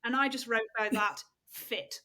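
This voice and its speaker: A woman's voice: a little high, unhurried. A woman co-hosting a book club podcast, chatting casually, giggling and reading passages aloud. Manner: giggly, animated, reads quotes aloud. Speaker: podcast co-host.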